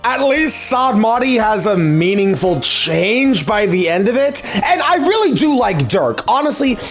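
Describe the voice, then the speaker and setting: An excitable young man rants through casual let's play commentary, swearing freely. His voice is high and swings widely in pitch. Faint music plays behind him. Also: measured pace. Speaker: let's play host dubbing a game.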